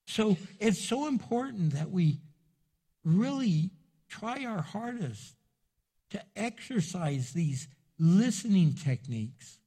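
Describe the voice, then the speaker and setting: A man preaching with an earnest, conversational delivery. His voice sits a bit high and has a husky edge. He slips into short acted-out exchanges to make his points. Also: sing-song, takes it slowly, dark tone. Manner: earnest, acts out little dialogues. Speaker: pastor. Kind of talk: sermon.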